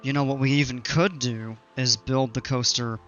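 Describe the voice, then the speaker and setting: A man's voice: medium pitch, steady tone, moderate pace, a bit bright, muffled recording, soft background music. A man giving casual gameplay commentary, rambling and self-mocking with many fillers. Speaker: game channel host.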